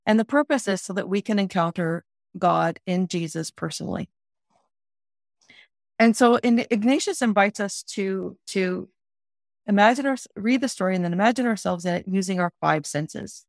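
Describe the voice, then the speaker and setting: A woman's voice: medium pitch, moderate pace, no room sound, clean studio sound. A woman teaching a guided prayer practice in an earnest, plain-spoken way, often restarting her sentences. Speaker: spiritual director teaching prayer.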